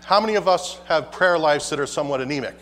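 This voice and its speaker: High-voiced preacher in a reverberant hall. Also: male voice, fast, a bit bright. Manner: emphatic preaching with rhetorical questions. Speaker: pastor. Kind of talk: sermon.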